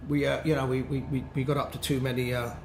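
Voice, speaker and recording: A gravelly, medium-pitched voice with flat delivery moves at a quick pace while faint music plays behind. The speaker, a musician from London appearing as an interview guest, tells rambling anecdotes with laughter and frequent restarts, in a roomy recording with faint background noise.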